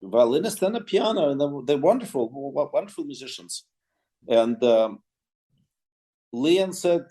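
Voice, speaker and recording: A male clarinetist telling a long anecdote in an interview. His voice is warm and dark at a middle pitch, and he jumps into little quoted exchanges, often restarting his sentences. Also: lively intonation, normal speed, pauses often. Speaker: clarinetist guest. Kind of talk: storytelling in an interview.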